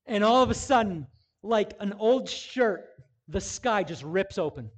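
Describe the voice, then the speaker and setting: A male pastor preaching a sermon, moving between hushed, intimate passages and loud, emphatic declarations, repeating phrases for emphasis. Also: sits high, lively intonation, measured pace.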